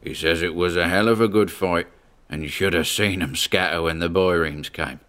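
A man voicing a gruff old male sailor ghost who talks in a laconic, folksy drawl. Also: low-pitched, moderate pace, fairly bright tone.

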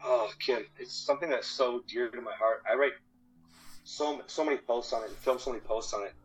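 A man's voice: medium pitch, fairly quick. A man guest in an interview, talking casually and with energy, swearing freely and repeating words, about marriage. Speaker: podcast guest, marriage coach. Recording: dull lo-fi audio with faint music.

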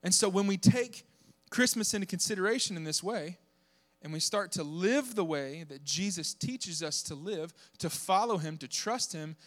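A young male pastor from the southern United States delivering a sermon to his congregation. His voice sits high for a man. He preaches with animated energy, cracking jokes and pushing his voice up into shouts to drive a point home. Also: moderate pace. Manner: animated, joking, voice rises to shouts for emphasis.

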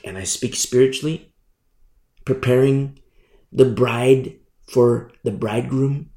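Brief: male pastor preaching with emphatic repetition, gravelly voice, roomy echo. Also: mid-range voice, steady tone, takes it slowly, pauses often, warm tone. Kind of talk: sermon.

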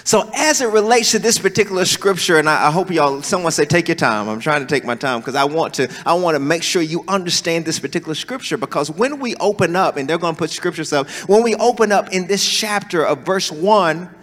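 Preacher guy, bright voice, storytelling sermon, long hall reverb, gets the crowd to answer back. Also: a little high, brisk, hardly any pauses. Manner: animated, folksy storytelling with call-and-response. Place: large church hall.

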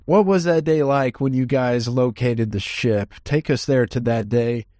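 A man's voice: medium pitch, measured pace, a little mellow, no room sound, clean studio sound. Inquisitive male host asking questions. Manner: inquisitive, prompting. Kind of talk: interview questions.

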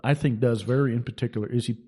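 A man's voice: mid-range voice, fairly even intonation, fast talker, mellow. A man preaching a sermon in an emphatic, colloquial storytelling manner.

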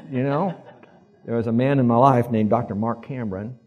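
A man's voice: mid-range voice, fairly even intonation, moderate pace, phone-quality sound. A man preaching a sermon in a conversational way, asking his listeners to repeat words back and checking that they follow. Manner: conversational preaching with audience call-and-response. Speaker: pastor.

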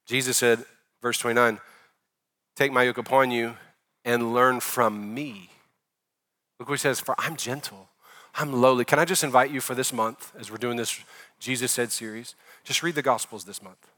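Bright-voiced male pastor preaching. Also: mid-range voice, fairly even intonation, normal speed. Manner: conversational preaching, rising loud for emphasis then dropping soft. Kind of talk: sermon.

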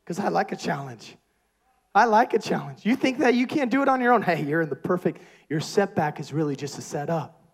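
A man preaching a sermon with energetic, emphatic repetition. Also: high voice, brisk, gravelly, slightly rough.

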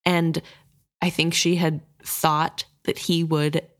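A woman's voice: low voice, level tone, takes it slowly. A woman co-hosting a casual book discussion who talks through the characters in a thoughtful, analytical way.

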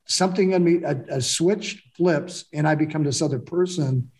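A man's voice: on the high side, moderate pace, darkish tone. A man speaking reflectively in a candid chat, in short plain sentences about his own experience.

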